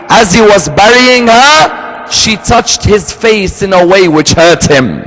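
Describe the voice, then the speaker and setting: A man preaching a sermon, telling a story with acted-out dialogue and shifting his pitch and pace freely. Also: a bit bright. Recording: long hall reverb.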